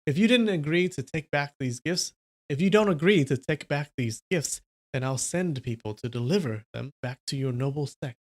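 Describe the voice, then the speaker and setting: A man's voice: a little high, moderate pace, close to an everyday voice. A man reading a wuxia novel aloud on a livestream, voicing a carefree, polite young male sect headmaster in earnest, courteous tones.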